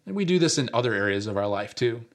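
A pastor from upstate New York delivers a sermon in a mid-pitched voice. He talks like he is telling a story to friends, pausing on frequent fillers. He drives his point home by repeating rhetorical questions. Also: lively intonation.

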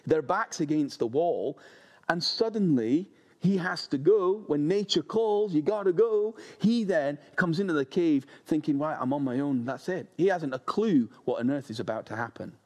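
A man preaching a sermon, reading scripture and telling lively, humorous stories. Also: fairly high pitch, normal speed. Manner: animated, humorous storytelling.

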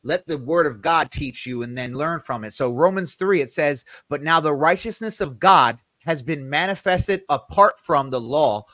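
A man's voice: on the high side, sharp tone, dry recording. Casual man teaching scripture, dry mic. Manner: conversational, self-correcting, emphatic on scripture quotes. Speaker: podcast host leading Bible study. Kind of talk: casual Bible study teaching.

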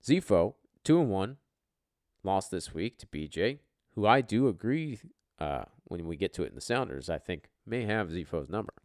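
A man's voice: low-pitched, big pitch swings, normal speed, a little mellow, dry recording, clean studio sound. A man hosting a casual podcast, brash and joking, swearing freely as he runs through rankings. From US East Coast. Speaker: podcast host and league commissioner. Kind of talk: casual, profane commentary.

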